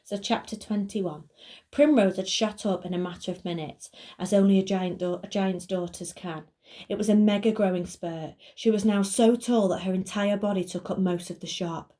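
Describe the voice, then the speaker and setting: A woman, a primary school teacher reading a children's book aloud clearly and expressively. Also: medium pitch, fairly even intonation, normal speed, dark tone.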